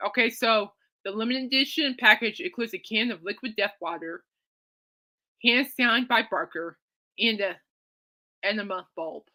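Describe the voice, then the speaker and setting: A woman's voice: medium pitch, moderate pace, bright, forceful tone. A woman hosting a podcast in casual, rambling chat, giggly and reacting to listener comments. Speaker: podcast host.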